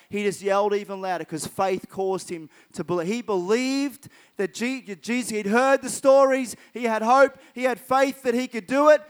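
A man delivers a sermon in a strikingly high, clear and smooth voice. He retells scripture stories with lively emphasis and repeats key phrases to drive his message home. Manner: retells Bible stories vividly, acting out characters' lines. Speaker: preacher.

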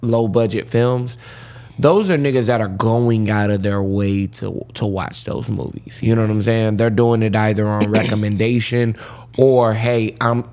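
A man co-hosting a podcast in casual chat, slow and thoughtful, laughing easily, with hiccups. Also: lowish voice, fairly even intonation, mellow. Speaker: podcast co-host.

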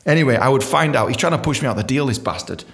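A man telling a comic story about his own life, animated and swearing, voicing the other people in it with high squeaky tones. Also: very fast.

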